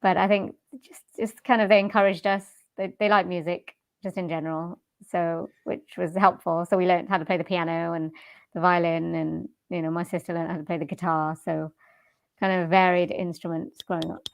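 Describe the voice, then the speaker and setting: A woman's voice: lowish voice, little pitch movement, normal speed, vocal fry, dry recording. Woman, young adult, interview guest, casual chat, laughs often, dry close sound. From Wales. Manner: chatty, laughs often, restarts sentences. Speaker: jazz singer and voiceover artist, guest.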